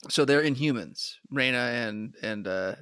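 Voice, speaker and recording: Unhurried and mid-range, this male podcast co-host has a clear, resonant, slightly bright voice. He chats casually but hesitantly, full of fillers and restarts, captured in a clean studio with no echo.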